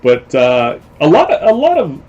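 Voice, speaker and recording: A man hosting a livestream show, chatting casually and rambling between jokes with a quick laugh. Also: a little high, wildly swooping pitch, darkish tone. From Canada. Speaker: show host. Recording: slightly dull lo-fi stream audio.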